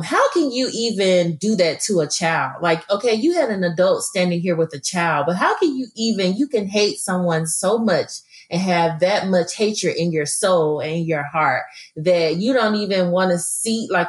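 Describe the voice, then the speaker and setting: A woman's voice: mid-range voice, animated, moderate pace, hardly any pauses. A woman from Alabama, co-hosting a podcast and telling a personal story in an earnest, emphatic way. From Birmingham, Alabama. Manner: earnest, emphatic, frequent fillers. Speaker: podcast co-host.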